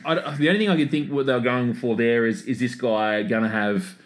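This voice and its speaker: A man talking movies with his mates in a loose, laughing way. His voice sits at an ordinary middle pitch, and he swears casually. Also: brisk. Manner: laughing, animated, swearing banter. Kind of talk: casual podcast chat about films.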